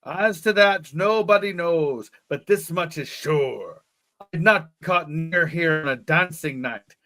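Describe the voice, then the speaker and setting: A man voicing a kindly old rural shepherd with a high, cracked old-man voice and folksy dialect. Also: animated, slow, darkish tone, exaggerated voice.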